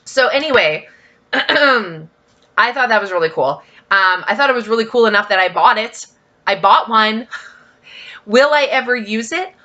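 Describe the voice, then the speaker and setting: A woman's voice: medium pitch, pushed and bright, muffled recording. A woman talking casually in a vlog, telling stories in a chatty way with lots of fillers and emphatic asides. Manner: chatty storytelling, many fillers. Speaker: vlogger.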